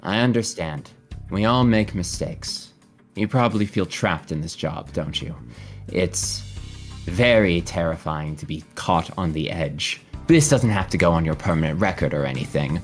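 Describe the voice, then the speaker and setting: A man voicing a manipulative con man who talks softly and persuasively. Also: medium pitch, big pitch swings, measured pace, soft background music. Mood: soothing. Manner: soft, soothing, persuasive. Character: smooth-talking manipulative male con man.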